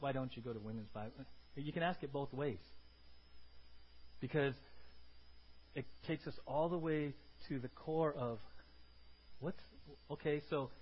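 A male pastor preaching a lively sermon, acting out scenes and often asking "right?". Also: medium pitch, breathy edge, highs cut off. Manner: animated, acts out film scenes, keeps asking "right?".

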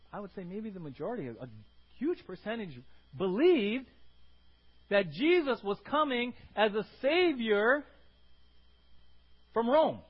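A man preaching to his congregation in an animated way, often checking in with "right?" and bursting into acted shouts. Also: very high-pitched, husky. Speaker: pastor. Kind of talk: sermon. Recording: muffled lo-fi sermon recording.

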